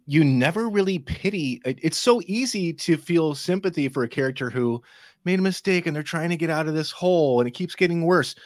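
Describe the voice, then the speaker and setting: A man co-hosting a casual film podcast, relaxed and candid, swearing casually. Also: mid-range voice, no echo, clean studio sound. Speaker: podcast co-host.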